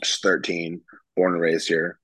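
A man co-hosting a casual chat, animated and quick to laugh. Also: low-pitched, slightly rough, dry recording, low-quality recording. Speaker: podcast co-host. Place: California.

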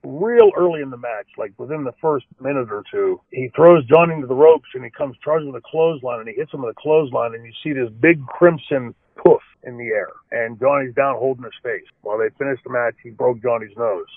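A man's voice: medium pitch, a little fast, hardly any pauses, no echo. A former wrestler tells his old road stories in a loose, rambling way. He circles back, repeats words and fills gaps with "you know." His voice sits in a middle register and comes through a dry, tinny, phone-like line. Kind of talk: storytelling interview answers.

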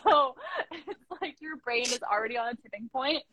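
A woman's voice: high voice, normal speed, a bit bright, no echo, rough recording. Chatty young woman on a video call. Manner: chatty, many fillers and quoted asides. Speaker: coaching client, business owner. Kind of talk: casual video-call chat.

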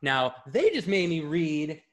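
A man hosting a live podcast, talking in a casual, excitable, rambling way and swearing freely. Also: a little high, slow pace. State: a bit out of breath. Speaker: podcast host.

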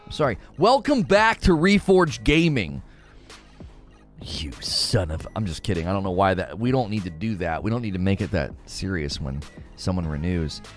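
Animated, jokey man streaming. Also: low-pitched, normal speed, faint music behind. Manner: animated, jokey, swings between loud bursts and mutters. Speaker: live-stream gaming host. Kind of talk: casual live-stream chat.

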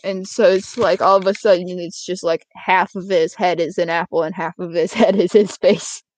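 A woman's voice: lowish voice, steady tone, normal speed, no echo. A young woman playing a tabletop game with friends, rambling and giggling, swearing casually. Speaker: player. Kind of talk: tabletop role-play, in character and out.

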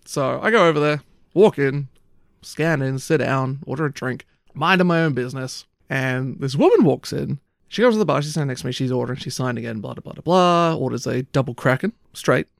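A man's voice: medium pitch, fairly quick, vocal fry, no echo, studio quality. A man telling a long, rambling story in casual chat, swearing often. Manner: rambling anecdote, frequent swearing and "like".

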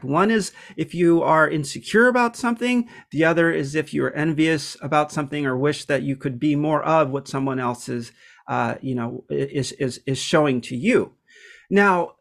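A man with a slightly high-pitched voice talks through a self-help topic in a casual, unscripted way. He thinks out loud, filling pauses with ums and restarting his sentences as he goes. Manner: reflective, many fillers and restarts. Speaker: podcast host.

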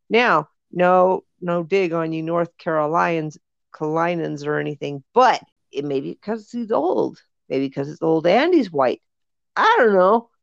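A woman's voice: lowish voice, vocal fry, no echo. A woman co-hosting a podcast, telling rambling stories in casual chat with lots of fillers. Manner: rambling storyteller, many fillers. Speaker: podcast co-host. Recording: dull lo-fi dry recording.

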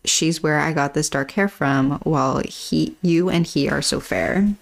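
A woman's voice: low voice, fairly even intonation, moderate pace, hardly any pauses. A woman co-hosting a book podcast, reading passages aloud and retelling the plot in a casual way. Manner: reads passages aloud, then retells them loosely with "she's like". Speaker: podcast co-host.

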